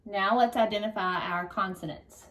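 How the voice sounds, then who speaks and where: A woman's voice: mid-range voice, steady tone, moderate pace, a bit bright, a little hiss or hum. A woman teaching a recorded phonics lesson to young children, upbeat and encouraging, stretching out syllables. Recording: echoey room, distant mic.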